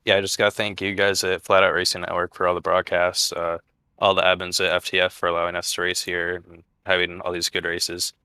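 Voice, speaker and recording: Casting: male racing driver, low monotone, bright and dry, halting post-race answers. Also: clear, resonant tone, no room sound. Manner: low-key, halting with frequent fillers.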